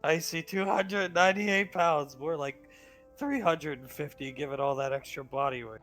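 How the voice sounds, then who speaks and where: Bright, lively game master man. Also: fairly high pitch, normal speed, faint music behind. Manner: laughing, animated. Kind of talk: narrating a tabletop game on a live stream.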